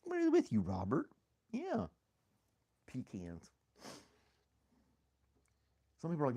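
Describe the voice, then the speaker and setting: A man's voice: fairly high pitch, wildly swooping pitch, normal speed, warm tone. A man hosting a casual livestream chat, rambling and joking, laughing often at himself. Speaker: host.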